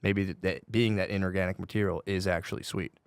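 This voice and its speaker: A man's voice: deep voice, fairly even intonation, fast, vocal fry, smooth, dry recording. A man in his thirties chatting casually as a comedian guest on a podcast, rambling and swearing, with "dude" in every other sentence. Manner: rambling, swears a lot, says "dude" often.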